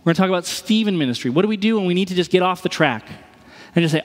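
A man's voice: high voice, expressive, racing, big-room sound. A man preaching a sermon as pastor, conversational, and he acts out the voices he quotes.

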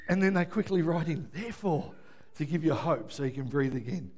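A preacher with a high-pitched voice delivers a sermon. He drops to a near-murmur, then climbs to full shouts, and often stops to ask the congregation "yeah?". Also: very animated, normal speed. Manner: swings from hushed to shouting, asks "yeah?". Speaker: pastor.

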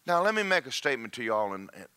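A man's voice: medium pitch, very animated, fast talker, pushed and bright, no room sound. A middle-aged man preaching a sermon, joking and acting out quoted voices.

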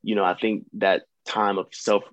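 A young American man, an actor, chatting as a guest in a relaxed, rambling way with many fillers. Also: fairly low pitch, normal speed, dry recording. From United States. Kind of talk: casual interview chat.

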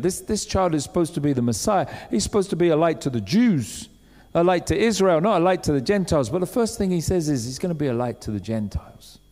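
A man's voice: a little high, darkish tone, big-room sound. A man preaching a sermon in a chatty, storytelling way, acting out the voices of the people he describes. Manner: conversational, acts out quoted voices.

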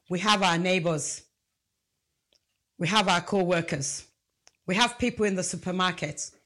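Slow, deliberate woman preaching. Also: medium pitch, fairly bright tone. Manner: emphatic, rhetorical questions to the congregation. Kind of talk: sermon.

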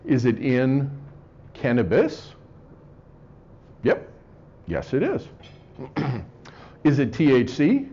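A man giving a wry, joking lecture to a live audience, often clearing his throat. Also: medium pitch, wildly swooping pitch, very slow, long pauses, mellow. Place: room with an audience. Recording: slightly dull lo-fi recording.

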